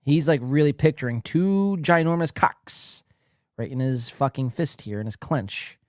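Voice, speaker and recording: A male podcast host with a lively, swooping voice that rides up and down. He talks in a crude, mocking, profane way, and he is recorded dry and close. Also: fairly high pitch, unhurried, no echo. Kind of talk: crude casual commentary.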